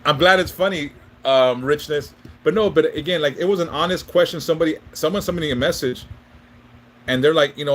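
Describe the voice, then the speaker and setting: A man's voice: fairly high pitch, a little fast, slight background noise. Rambling, foul-mouthed man on a livestream. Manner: rambling, profane, frequent restarts. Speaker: livestream host and spiritual reader. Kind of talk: casual livestream chat.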